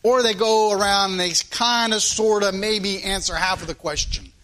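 Earnest high-voiced preacher man. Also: normal speed, pushed and bright. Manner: earnest, questioning, repeats phrases. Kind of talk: sermon.

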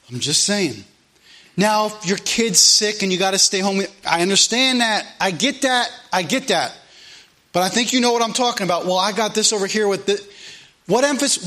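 Earnest pastor, high bright voice. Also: male voice, animated, fairly quick. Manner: earnest, conversational preaching with asides and repetition. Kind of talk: sermon. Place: church sanctuary.

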